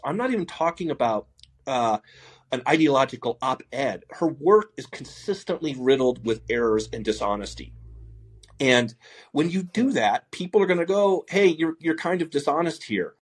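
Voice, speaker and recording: A man's voice: medium pitch, very animated, moderate pace, husky. A man hosting a podcast, talking bluntly and profanely, often laughing mid-sentence. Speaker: podcast host. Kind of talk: casual podcast talk.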